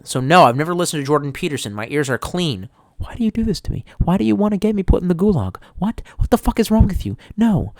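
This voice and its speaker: A man's voice: high-pitched, big pitch swings, fast, a little mellow. A man, drunk, rambling and swearing as he reads out chat on a live stream. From United States. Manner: profane, rambling, mock-angry outbursts.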